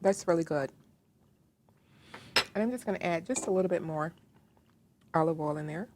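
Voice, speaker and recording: Against background noise, a Southern American woman hosts a cooking show at a moderate pace in a lowish voice. She chats with the viewer as she goes about her work in the kitchen, demonstrating home cooking.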